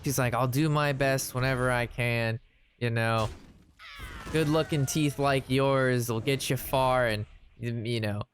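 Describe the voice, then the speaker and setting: A man's voice: medium pitch, measured pace, a little hiss or hum. Rambling man telling a story while gaming. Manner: rambling, animated retelling with quoted voices. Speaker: gaming streamer. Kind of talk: casual gameplay commentary with storytelling.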